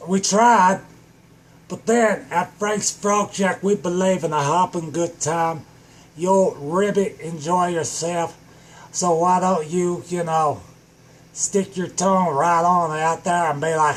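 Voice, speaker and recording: A man delivering a manic, rambling improvised comedy rant that keeps bursting into shouts. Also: high-pitched, fairly even intonation, slow. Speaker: comedic vlogger.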